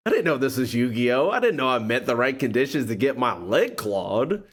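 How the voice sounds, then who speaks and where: A man hosting a gaming video, telling a story in a slangy, expressive way and often breaking into laughter. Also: medium pitch, normal speed. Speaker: gaming YouTuber host. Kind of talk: animated storytime while playing a game.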